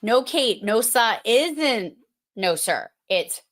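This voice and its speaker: Host, female, thick Boston accent, playful and emphatic, unhurried delivery. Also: medium pitch, animated, fairly bright tone. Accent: Boston, Massachusetts. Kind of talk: casual livestream chat.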